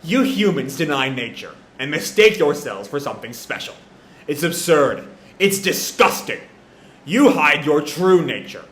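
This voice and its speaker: A man's voice: on the high side, very animated, measured pace, fairly bright tone. A man voicing a scornful demon god who declaims his contempt for humans. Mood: contemptuous. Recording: echoey room.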